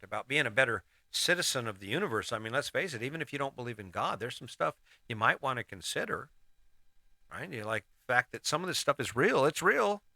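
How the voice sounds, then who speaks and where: A middle-aged man talks through life advice in a loose, rambling monologue, often restarting his sentences. His voice is very bright, recorded dry and close with no room sound. He sits at an ordinary middle pitch for a man. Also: gravelly, no echo. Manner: casual, rambling, frequent restarts. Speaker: host. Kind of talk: motivational vlog monologue.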